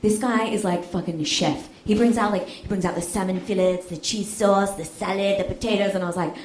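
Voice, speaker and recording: A woman's voice: mid-range voice, fast talker. A woman doing a bawdy stand-up comedy set, telling a story and laughing through her lines. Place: comedy club stage with audience. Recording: echoey club room, audience noise.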